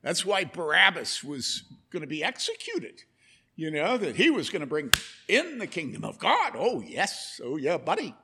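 A man's voice: fairly high pitch, wildly swooping pitch, moderate pace, creaky, bright, forceful tone, breathy edge. A man preaching a sermon, telling a story with lots of energy and asking the congregation questions. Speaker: pastor.

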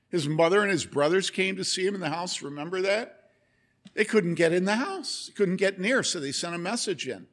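Husky, animated male preacher. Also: a little high. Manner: animated storytelling, asks the congregation questions. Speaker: pastor. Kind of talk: sermon.

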